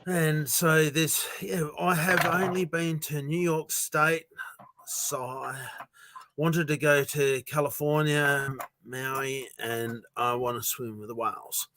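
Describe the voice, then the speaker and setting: A man's voice: on the high side, fairly even intonation, slow, a bit bright, slight background noise. An Australian man hosting a casual livestream chat, rambling and hesitant with many ums. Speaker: livestream host.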